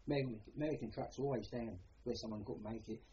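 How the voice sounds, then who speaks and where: Here a war veteran from London, older and Cockney-accented, gives an oral history of his service, talking fast in a mid-range, dark-toned voice. His recollections wander and stay plain, peppered with "you know." The sound is dull, with a little hiss or hum.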